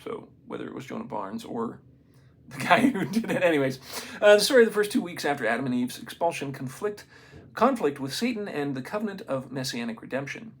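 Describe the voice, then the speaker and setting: A man reading a book aloud in a casual, unprofessional way, stumbling over names and adding excited comments of his own. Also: on the high side, slightly rough. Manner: reads haltingly, stumbles on names, adds excited asides. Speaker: amateur reader of a book.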